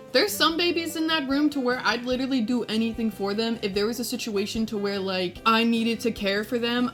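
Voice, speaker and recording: A young woman rants to her camera in a loose, rambling way, stringing thoughts together with endless fillers. Her voice sits a bit high, and soft music plays faintly underneath. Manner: chatty and rambling, full of fillers like "like"; animated, jumps into high playful voices when quoting. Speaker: vlogger and daycare worker. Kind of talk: casual rant to camera.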